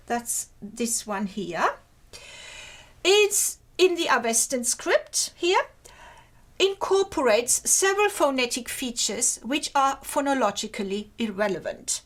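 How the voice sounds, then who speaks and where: A woman lecturer with a high voice talks through her slides at an unhurried pace. She is measured and methodical, and she points to each detail on the screen as she explains it. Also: very animated, a bit bright. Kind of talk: academic lecture over slides.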